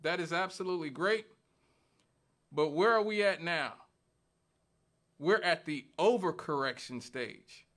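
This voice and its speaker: Emphatic high-voiced male radio host. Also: unhurried, long pauses, a bit bright. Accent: Northwest Indiana. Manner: emphatic, argumentative, repeats points for stress. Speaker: radio talk show host. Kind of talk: opinionated radio monologue.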